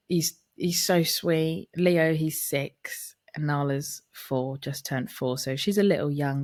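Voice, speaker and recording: A young woman with a low voice talks candidly in a podcast monologue and acts out her family's dialogue as she goes. She speaks close to the mic in a very dry, dead room. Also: no echo. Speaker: podcast host. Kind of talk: personal reflective monologue.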